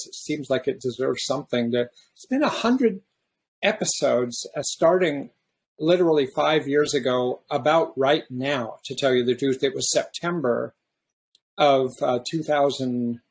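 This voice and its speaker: A man with a gravelly, slightly husky voice hosts a podcast in relaxed conversation. He thinks aloud and often stops and restarts his sentences. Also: mid-range voice. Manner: halting, restarts often, reflective. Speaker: podcast host. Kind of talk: casual podcast chat.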